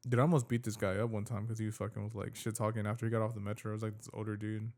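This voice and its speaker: Podcast host, man, quick and slangy, animated casual storyteller. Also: fairly low pitch. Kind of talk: casual chat.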